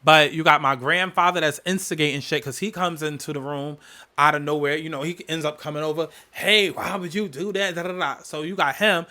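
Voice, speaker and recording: A man's voice: fairly high pitch, steady tone, a little fast, bright, forceful tone. A man hosting a podcast, telling a personal story in an emphatic, candid way. He repeats phrases for weight and swears freely. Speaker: podcast host.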